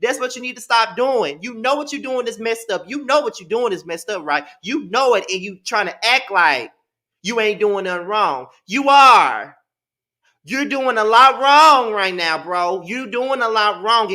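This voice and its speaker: Animated, bright-voiced man ranting. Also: high voice, moderate pace. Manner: emphatic, exasperated, repeats himself. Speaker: host. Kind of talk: live TV episode review.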